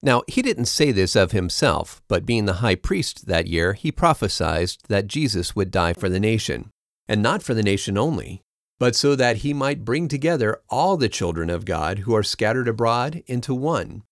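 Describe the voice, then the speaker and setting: Man, low voice, steady Bible reading, lifts for quotes, dry close sound. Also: moderate pace, dry recording. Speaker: scripture reader.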